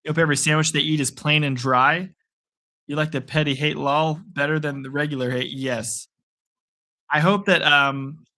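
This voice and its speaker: A sports stream host delivers live play-by-play reactions, playful and rambling between calls. His voice is a little high, pushed and bright.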